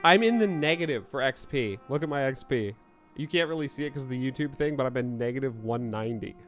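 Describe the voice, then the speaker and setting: A man's voice: mid-range voice, lively intonation, fast, a bit bright, soft background music. A man streaming a video game live, chatting casually in a jokey, rambling way. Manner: jokey, rambling, laughs at his own quips.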